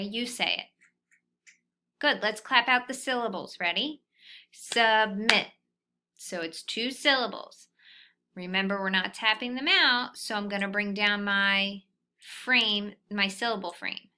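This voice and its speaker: Woman, phonics teacher for little kids, unhurried, bright clear tone. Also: medium pitch. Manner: slow, patient, sounding out syllables. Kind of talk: phonics lesson for young children.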